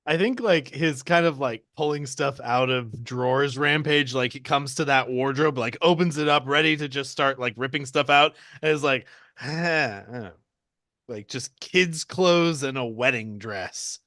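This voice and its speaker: A man's voice: medium pitch, moderate pace, few pauses, fairly bright tone, dry recording, clean studio sound. A man playing a tabletop role-playing game, talking casually in a rambling way with many fillers and laughs. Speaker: player.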